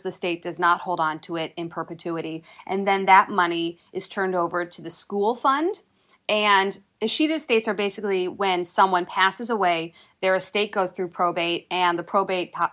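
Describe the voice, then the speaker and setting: A woman's voice: on the low side, fairly bright tone. A woman reporter casually explaining consumer news in a chatty, self-joking way.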